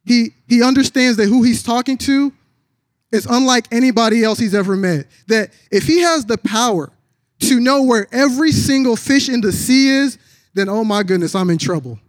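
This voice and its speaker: A man preaching a sermon, telling a story with drops into a low, soft voice for quoted lines. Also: moderate pace, no room sound, studio quality. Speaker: pastor.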